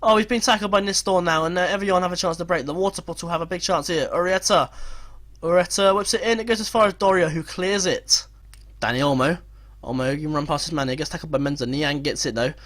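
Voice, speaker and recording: A young man giving casual commentary over a football management game, swearing, mocking himself and breaking into excited outbursts. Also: a little high, fast. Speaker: gaming video creator.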